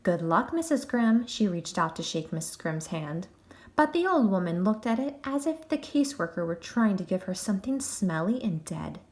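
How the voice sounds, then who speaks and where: Animated woman reading a storybook aloud. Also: medium pitch, moderate pace. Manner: expressive, animated. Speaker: narrator.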